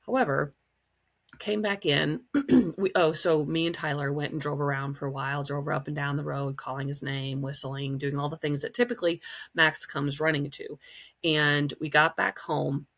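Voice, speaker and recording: Woman, middle-aged, from Wisconsin, podcast host; low, gravelly voice; casual, rambling storyteller. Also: normal speed, fairly bright tone. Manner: chatty, storytelling, many fillers, acts out quotes in a high voice. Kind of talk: casual solo podcast chat.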